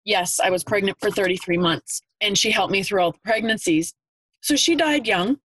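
Calling in on a video call, a Pennsylvania woman in her fifties gives a tearful, earnest testimony, speaking haltingly. Her voice is mid-range and a bit bright, with slight background noise on a low-quality recording.

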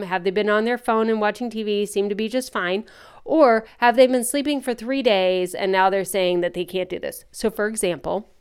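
A woman's voice: mid-range voice, clear, resonant tone. A woman in her forties chatting frankly and animatedly about raising her kids. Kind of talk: casual chat.

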